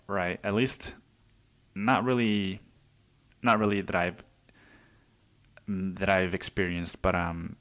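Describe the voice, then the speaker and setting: A man's voice: sits low, fairly bright tone, clean tone. A man hosting a casual solo podcast, rambling and swearing freely, calling everyone dude. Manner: rambling, profane, calls listeners dude. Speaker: podcast host.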